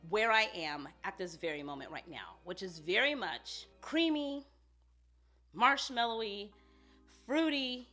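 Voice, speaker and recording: Bright-voiced gushing woman vlogger. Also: mid-range voice, lively intonation, a little slow, faint music behind. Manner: gushing, talks straight to viewers. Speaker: fragrance reviewer. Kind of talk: casual review vlog.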